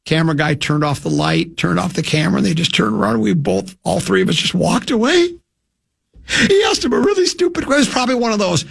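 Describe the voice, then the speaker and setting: A man's voice: high voice, expressive, fast talker, creaky, fairly bright tone, husky. A middle-aged man hosting sports talk radio, telling a rambling story full of restarts. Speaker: radio host.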